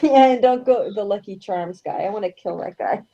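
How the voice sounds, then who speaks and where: A woman's voice: medium pitch, normal speed, mellow, highs cut off. A woman in a casual group chat, blunt and profane, laughing easily.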